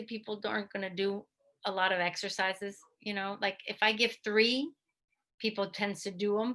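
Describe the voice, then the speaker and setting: A woman physical therapist giving an instructional talk, lively and demonstrating goofy mouth sounds as she teaches. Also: mid-range voice. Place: video presentation to a study club.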